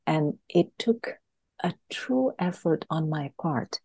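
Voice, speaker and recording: A woman's voice: low-pitched, animated, takes it slowly, a little mellow, husky, no echo. A woman, a guest in a podcast interview, earnestly explaining an idea through a story and often repeating words as she thinks. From Greece.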